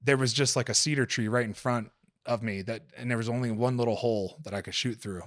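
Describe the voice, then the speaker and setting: A man in a casual podcast chat who tells stories in a loose, rambling way, full of swearing and fillers. His pitch sits in an ordinary middle range, and the recording is dry and close with no room echo. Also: fairly even intonation, fast. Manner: profane, rambling storyteller with many fillers.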